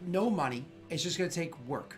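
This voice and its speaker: A man running a tabletop role-play game as game master, talking in a relaxed, chatty way with many fillers. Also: on the high side, a little fast, soft background music.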